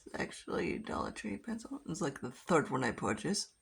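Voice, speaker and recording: A woman's voice: low voice, big pitch swings, fairly quick, gravelly, slightly rough. A woman chatting casually while doing her makeup, rambling and swearing freely. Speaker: beauty vlogger. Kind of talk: casual get-ready-with-me chat.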